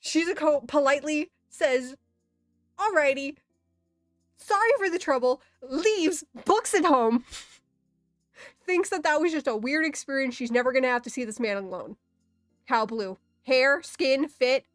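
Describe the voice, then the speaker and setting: A woman's voice: high voice, unhurried, no room sound, clean studio sound, faint music behind. A young woman chatting casually while drawing, telling a story with lots of swearing and frequent laughter. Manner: profane, laughing often, storytelling. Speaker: artist streamer.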